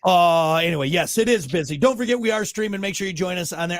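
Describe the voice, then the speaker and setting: Lively joking male morning-show host. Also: fairly high pitch, fast talker, no room sound, studio quality. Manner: joking, rambling, animated. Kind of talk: casual morning show banter.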